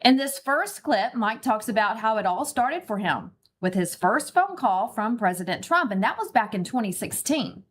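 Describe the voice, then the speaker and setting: A woman's voice: on the high side, lively intonation, normal speed, few pauses, a little hiss or hum. A woman hosting a morning news show, reading a scripted segment with emphatic, pointed delivery.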